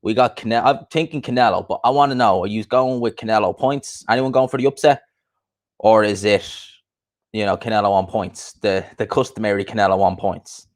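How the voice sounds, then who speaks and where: A young man hosting a casual boxing livestream, chatting loosely and giving repeated shout-outs to viewers. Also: fairly low pitch, fairly quick. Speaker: boxing podcast host.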